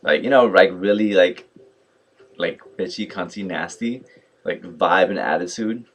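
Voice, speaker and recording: Man telling a story low voice, chatty vlogger. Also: a little slow. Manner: animated, mimics others in quotes, many fillers like "like" and "yo". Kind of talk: casual storytelling rant.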